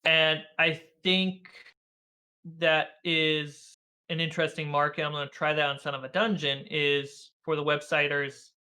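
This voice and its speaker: A man speaks as a guest over a video call, in a bright voice that sits a bit high for a man. He tells stories with animation, acting out the lines he quotes and laughing often along the way. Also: little pitch movement, measured pace. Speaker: guest, filmmaker and game master. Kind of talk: casual conversational interview.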